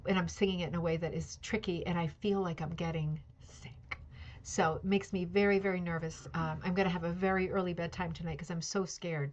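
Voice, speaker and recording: A middle-aged woman with a fairly low voice hosts a casual livestream for her rug hooking club, chatting in a friendly, rambling way. She greets viewers by name and coos baby talk to her dog. The lo-fi livestream audio sounds slightly dull.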